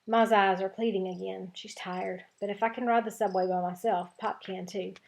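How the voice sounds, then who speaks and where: Woman teacher, read-aloud of a middle-grade novel, gravelly, expressive. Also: mid-range voice, normal speed. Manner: expressive, lively voicing of dialogue. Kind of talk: reading a chapter book aloud.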